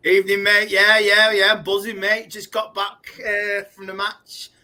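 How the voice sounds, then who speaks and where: A man, a football fan guest, talking briskly and enthusiastically and calling everyone mate. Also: high voice, completely flat delivery, bright, forceful tone. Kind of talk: casual chat.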